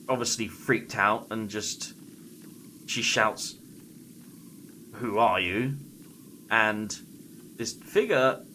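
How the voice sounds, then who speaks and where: Slow, halting man telling a ghost story. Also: fairly low pitch, pushed and bright, a little hiss or hum. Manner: halting, full of "like" and "you know" and restarts. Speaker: streamer. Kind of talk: casual retelling of a scary story.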